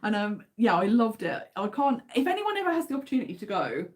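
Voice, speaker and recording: Brief: English woman, livestream host, chatty and enthusiastic, slightly high voice. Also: big pitch swings, quick pace. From England. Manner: chatty, enthusiastic, reads out viewer comments. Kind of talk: casual livestream chat.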